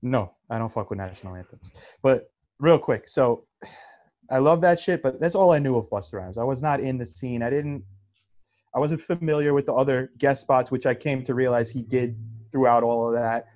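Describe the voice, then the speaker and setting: A man's voice: mid-range voice, moderate pace, a little mellow. A man in his thirties co-hosts a podcast, and his voice sits in a plain middle register. He talks in loose casual chat, tells the story with animation and swears freely. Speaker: podcast co-host.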